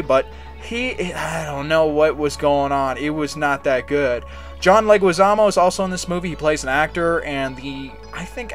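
A young man giving a casual, unscripted movie review, talking bluntly and rambling with frequent restarts and filler words. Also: on the high side. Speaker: film reviewer.

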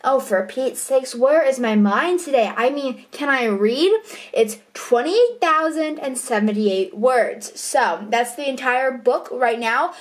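Give me a bubbly woman with a high voice chatting in a home vlog. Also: lively intonation, takes it slowly. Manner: chatty, self-correcting, bubbly. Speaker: vlogger and co-writer of a book. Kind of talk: casual vlog diary.

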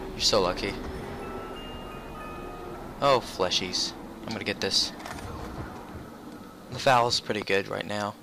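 A man's voice: lowish voice, slow pace, creaky, long pauses, loud music behind the voice. A man hosting a casual gaming video, teasing his friend and joking about what happens on screen. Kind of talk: casual gameplay commentary.

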